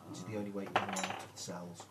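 A man's voice: sits low, level tone, rapid-fire. A man narrating as game master of a tabletop game, describing scenes with fillers. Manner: hesitant, with fillers. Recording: noisy room recording.

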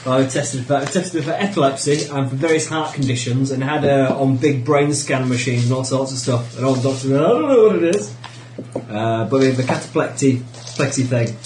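A man chatting casually as a player at a tabletop game, telling stories in an animated way. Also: medium pitch, a little fast, hardly any pauses. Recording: roomy with faint noise.

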